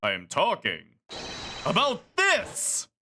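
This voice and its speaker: A man's voice: sits high, wildly swooping pitch, takes it slowly, exaggerated voice. Guy putting on a grave disguised stage magician, stiff formal lines, big swoopy delivery, music under it. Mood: grave theatrical. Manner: theatrical, grave, clipped formal speech. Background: game music.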